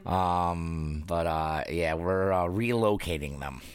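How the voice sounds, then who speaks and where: A man's voice: deep voice, takes it slowly, clean tone. A man co-hosting a casual podcast, laid-back and swearing, laughing often. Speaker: podcast co-host, bar owner. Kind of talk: casual chat.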